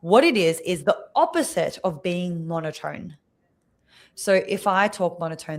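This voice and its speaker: A woman speaking coach, a podcast guest on a video call, explaining clearly and showing examples with her voice. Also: deep voice, normal speed. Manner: expressive, demonstrates voices while teaching.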